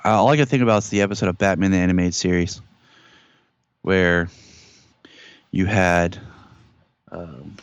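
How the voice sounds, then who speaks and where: A man's voice: sits low, steady tone, normal speed, pauses often, clean tone, no echo. A man co-hosting a podcast, chatting casually and joking, acting out quotes in a raised voice. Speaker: podcast co-host. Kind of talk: casual TV review chat. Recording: dull dry lo-fi audio.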